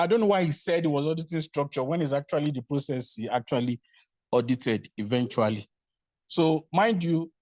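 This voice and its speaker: A man's voice: a little high, no room sound. A man, a senior doctor, giving hesitant but corrective feedback in an online teaching session. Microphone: video call.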